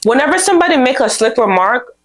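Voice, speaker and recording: A young woman hosting a vlog, giving candid, casual advice and telling stories with lively quoted dialogue. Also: high-pitched, fast. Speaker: vlog host. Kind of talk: casual advice talk to camera.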